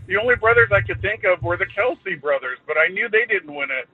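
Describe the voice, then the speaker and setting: A man's voice: sits high, lively intonation, fairly quick, slightly rough, no room sound, phone-quality sound. A man calling into a radio quiz, stammering sheepishly. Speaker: caller.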